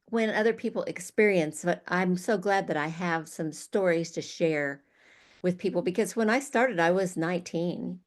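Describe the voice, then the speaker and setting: An older woman guest, retired, telling lively stories from her career and laughing often. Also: fairly low pitch, moderate pace. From Arizona, USA. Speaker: guest speaker. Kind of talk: storytelling.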